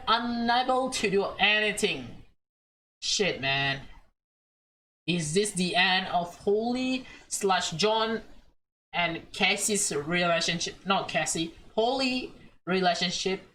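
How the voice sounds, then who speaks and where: A woman's voice: medium pitch, a bit bright, a little hiss or hum, rough recording. A young woman reading a visual novel aloud and reacting emotionally as she plays. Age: young adult. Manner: emotional, chatty, slow reading. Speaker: let's play streamer.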